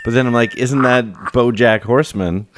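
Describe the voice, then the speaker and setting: A man's voice: mid-range voice, fairly even intonation, normal speed, slight background noise. A man co-hosting a podcast in casual chat, making dry quips and correcting his partner. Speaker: podcast co-host.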